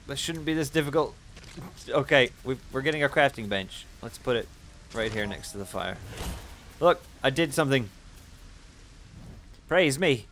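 A man hosting a gaming video, giving playful, self-mocking let's-play commentary that breaks into loud excited yelps. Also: mid-range voice, a little hiss or hum. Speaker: gaming channel host.

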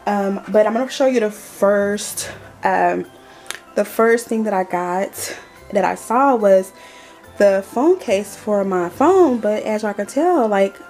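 A woman in her thirties chatting casually to her viewers at home in a talking haul vlog, animated and addressing them as y'all. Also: medium pitch, slow, soft background music. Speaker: vlogger.

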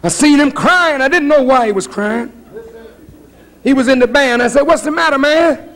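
A man giving an animated, humorous sermon, slipping into mimicry of his listeners to a congregation. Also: very high voice, normal speed. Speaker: minister.

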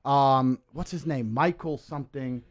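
A man from England telling a story on a podcast, boastful and animated, laughing often. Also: mid-range voice, unhurried. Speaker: guest.

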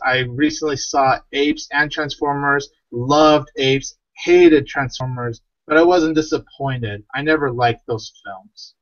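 A man's voice: on the high side, slow, few pauses, no room sound. A man co-hosting a casual livestream, reading out viewers' questions and chatting. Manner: reads viewer questions aloud. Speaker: livestream co-host. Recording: dull lo-fi stream audio.

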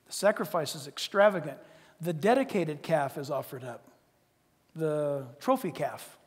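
A male pastor preaches with animated, dramatic storytelling, swinging from booming exclamations to near-whispers. His voice sits high for a man, and a long church reverb hangs behind every phrase. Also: measured pace, breathy edge. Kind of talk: sermon.

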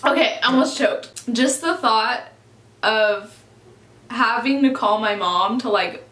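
Young woman in her twenties, high voice, chatty storyteller who swears a lot; echoey room. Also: slow, fairly bright tone. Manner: chatty, swears often, says "like" constantly. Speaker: vlogger. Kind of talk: casual storytime.

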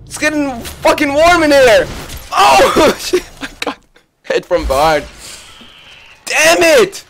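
A man streaming live gameplay, reacting with loud excited exclamations and swearing. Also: very high-pitched, slow pace, a little hiss or hum. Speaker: gaming streamer.

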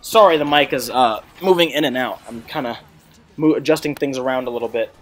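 A young man giving excitable gameplay commentary, swearing often and laughing a lot. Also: medium pitch, a little fast. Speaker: gamer.

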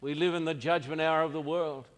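A man's voice: a little high, fairly even intonation, a little fast, in a large hall. A man preaching a sermon, emphatic and repeating his key phrases.

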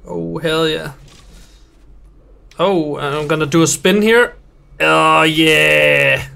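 A young man commentating on a video game with a relaxed, joking tone. His voice sits a little higher than most men's, and he ribs his co-host constantly. It sounds like easygoing chatter between colleagues. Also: slow, vocal fry, clean tone. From Denmark. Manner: playful, teasing banter. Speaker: game developer and build challenge judge. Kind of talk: casual gameplay commentary.

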